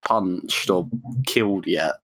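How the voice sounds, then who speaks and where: A man's voice: low-pitched, takes it slowly, fairly bright tone, no room sound. A man co-hosting a podcast in casual chat, giggly and rambling. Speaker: podcast co-host.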